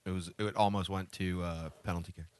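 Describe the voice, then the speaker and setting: A man's voice: low voice, steady tone, a little fast, darkish tone, clear, resonant tone. A man co-hosting a podcast in casual chat, telling crude stories with laughs. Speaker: podcast co-host.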